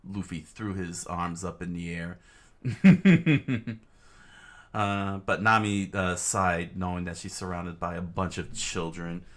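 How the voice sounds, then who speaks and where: A man's voice: low voice, flat delivery, a little slow, hardly any pauses, pushed and bright. A man reading a comic aloud in a casual, rambling way, full of fillers and side comments. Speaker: comic reader. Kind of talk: casual read-along narration.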